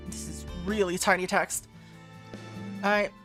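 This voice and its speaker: A woman gaming streamer giving casual gameplay commentary, full of laughing asides and quick self-corrections, over game background music. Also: lowish voice, flat delivery.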